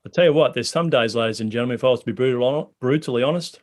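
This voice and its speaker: A man's voice: mid-range voice, racing, few pauses. A man preaching a sermon in a conversational way, asking the congregation many questions. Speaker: pastor.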